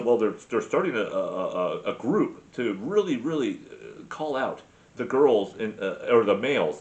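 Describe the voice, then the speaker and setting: A man rants through a profane comic monologue. He stumbles over fillers and restarts as he goes, and his pitch moves all over the place. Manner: crude, rambling, full of fillers and restarts. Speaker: comedy podcast host.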